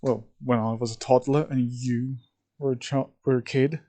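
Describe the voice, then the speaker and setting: Man reading: determined young sister, insistent; slightly raised, mellow voice. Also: mid-range voice, fairly even intonation, moderate pace, close to an everyday voice. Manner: insistent, pleading.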